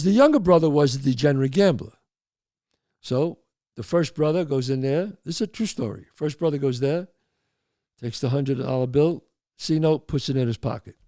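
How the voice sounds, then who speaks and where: A male host with a slightly high voice, recorded with clean studio sound and no room ambience. He tells neighborhood stories and gives advice in an animated storytelling style, speaking to his folks with emphatic asides.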